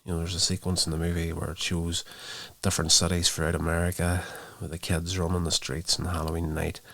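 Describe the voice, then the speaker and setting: Podcast host, male, deep gravelly voice, loose rambling movie-review delivery. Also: completely flat delivery, a little fast, a bit bright. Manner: rambling plot retelling with many fillers. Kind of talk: casual spoken movie review.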